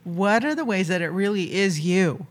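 A woman co-hosts a relationship podcast in a relaxed, chatty way. She is bubbly and laughs easily, and her voice sits at a middle pitch. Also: moderate pace. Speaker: podcast co-host. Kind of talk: casual chat.

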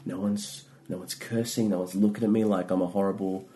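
A male comedian telling a long story in casual talk, rambling with many fillers and swinging from hushed to loud. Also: sits low, steady tone, a little fast. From Australia.

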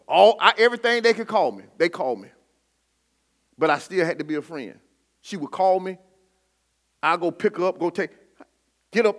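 A high, bright-toned man preaches a sermon. He is middle-aged and talks in a call-and-response style that climbs into shouting. His voice carries a forceful edge. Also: animated, moderate pace, pauses often. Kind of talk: sermon with personal testimony.

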